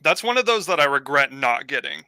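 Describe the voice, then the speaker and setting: A man from California talking in a relaxed live chat, his voice very bright and edged with tension. It sounds smooth and crisp, and he often restarts his sentences. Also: medium pitch, fairly quick, dry recording. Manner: easygoing, hesitant restarts. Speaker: guest. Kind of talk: casual chat.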